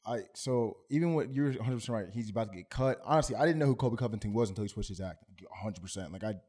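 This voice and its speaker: A man's voice: fairly low pitch, darkish tone, slightly rough. A man co-hosting a sports podcast, giving blunt opinions with swearing in casual chat. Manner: rapid, profane, opinionated. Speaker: podcast co-host.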